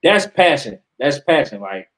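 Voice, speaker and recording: Casting: male sports podcast co-host, mid-pitched, emphatic and blunt, swears freely. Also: very animated, a little slow, fairly bright tone, poor audio. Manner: emphatic, profane, opinionated. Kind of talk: casual sports chat.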